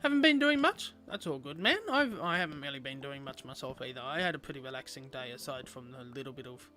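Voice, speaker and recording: A man's voice: medium pitch, lively intonation, quick pace, pushed and bright, faint music behind. A young man chatting playfully with viewers while streaming a game. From Australia. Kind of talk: casual gameplay livestream chat.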